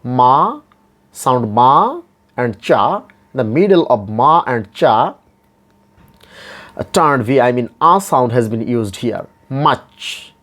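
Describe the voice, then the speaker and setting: Slow, deliberate male phonetics teacher. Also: mid-range voice, expressive, a bit bright. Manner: slow and deliberate, repeats each word and spells it out. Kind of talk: slow pronunciation lesson.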